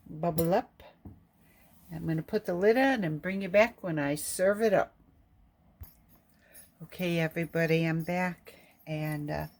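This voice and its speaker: A woman's voice: on the low side, a little mellow. A woman home cook chatting casually about a stew and telling a story in a homey, rambling way. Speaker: cooking vlogger. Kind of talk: casual cooking chat and storytelling.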